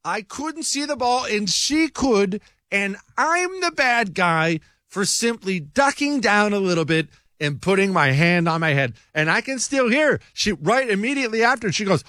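An exasperated male talk radio host tells his story with a wildly swinging, slightly high voice. He leaps upward for emphasis and drops low again. The sound is close and dry, with no room around it. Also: expressive, moderate pace, pushed and bright, dry recording. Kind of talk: animated talk radio monologue.

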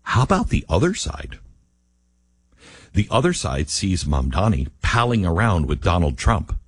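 Male talk radio host, husky, very animated delivery, dry studio sound. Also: sits low, unhurried, no echo. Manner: animated, emphatic, drops into quoted voices. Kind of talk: talk radio commentary and live ad reads.

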